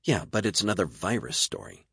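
A man's voice: lowish voice, big pitch swings, moderate pace, breathy edge, no room sound, studio quality, pitched above the performer's own voice, full character voice. A man voicing a stubborn young woman reporter who complains and asks doubtful questions. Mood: questioning.

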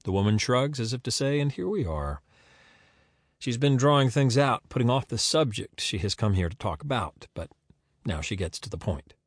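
A man narrating a novel in a measured storytelling delivery. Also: mid-range voice, no room sound, studio quality. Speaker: audiobook narrator. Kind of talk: scripted narration.

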